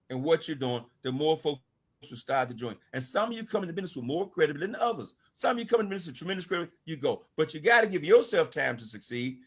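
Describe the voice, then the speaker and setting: Older male speaker, high voice, preachy and emphatic, calling out to a video-call audience. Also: fairly bright tone. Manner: preachy, emphatic, calls out to listeners. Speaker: network marketing speaker. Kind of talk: motivational talk to an online audience.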